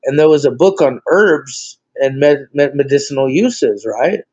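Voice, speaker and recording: A man's voice: medium pitch, animated, unhurried, a little mellow. Rambling man on a dull lo-fi line. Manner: rambling, many fillers, blunt swearing. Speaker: host. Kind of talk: casual chat. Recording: dull lo-fi sound.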